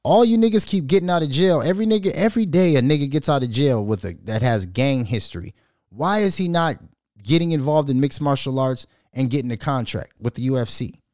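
A man hosting a podcast, ranting loudly and profanely in casual commentary, mocking and joking as he goes. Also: medium pitch, fairly quick, dry recording, clean studio sound. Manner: profane, loud, mocking, animated. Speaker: podcast host.

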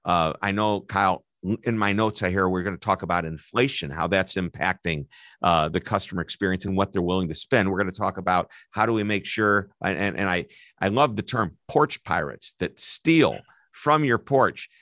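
A man's voice: sits low, normal speed, a bit bright, dry recording, clean studio sound. A man hosting a business interview podcast, upbeat and chatty, who sometimes stumbles over his words. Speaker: podcast host.

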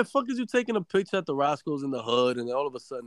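A man's voice: medium pitch, big pitch swings, fast, fairly bright tone. A man co-hosting a podcast who argues and jokes in a brash, profane way. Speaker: podcast co-host. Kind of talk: casual podcast banter.

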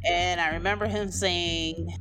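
A woman's voice: fairly low pitch, steady tone, measured pace, music in the background. A woman candidly telling her own life story in a loose, conversational way, with lots of "you know" and "like". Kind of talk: personal storytelling, unscripted.

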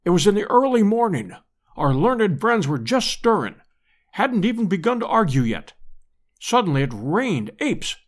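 A man's voice: sits high, very animated, moderate pace. A man voicing a brash, hardy English adventurer lord in an audiobook, with clipped, urgent commands. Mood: grim. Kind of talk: audiobook character voice.

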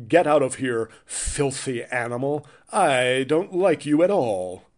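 A man playing an evil British male villain in a stilted, slow delivery, as if badly dubbed. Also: medium pitch, animated. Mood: sneering.

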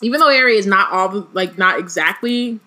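A woman's voice: medium pitch, a little fast, pushed and bright. A young adult woman co-hosting a casual book discussion, chatty, with frequent asides. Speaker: podcast co-host.

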